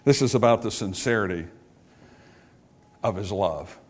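A pastor preaching a sermon in a church, swinging between emphatic high points and hushed, soft passages. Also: male voice, a little slow, husky. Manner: dynamic preaching, rising to emphatic highs and dropping to hushed lows. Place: church sanctuary.

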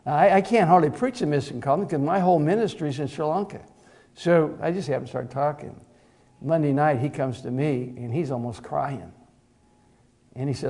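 A man's voice: mid-range voice, fairly quick, creaky, warm tone. A middle-aged male preacher telling a long story in a sermon, folksy and conversational, with many fillers and repeated "he said".

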